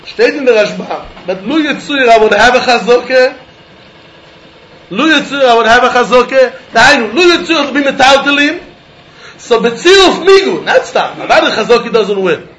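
A man's voice: very high-pitched, expressive, moderate pace, a bit bright, slight background noise. A man teaching a Talmud lecture, posing rhetorical questions and chuckling as he argues. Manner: poses rhetorical questions, chuckles while arguing. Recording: roomy echo.

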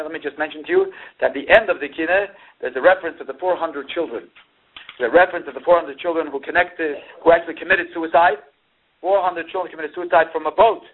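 A man teaching a Torah class, slowly translating phrases he has just read and rising in pitch when the story turns emotional. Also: husky. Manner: mixes Hebrew and Yiddish terms into English, reads and translates phrases slowly; rises in pitch with emotion when recounting events. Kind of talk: Torah class explaining a lament text. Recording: tinny phone-line recording.

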